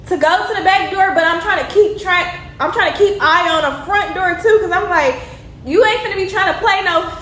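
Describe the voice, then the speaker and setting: A young woman telling a story in a casual, animated way, swearing freely and sounding exasperated. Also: very high voice, normal speed, a little hiss or hum. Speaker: storytime vlogger. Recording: echoey room.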